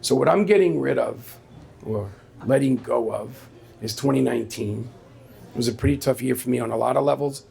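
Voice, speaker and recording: A man's voice: mid-range voice, fairly quick, vocal fry, a little mellow. A man telling a personal story on stage at a live story slam, in a conversational way, quoting the people in it. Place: small venue with a live audience.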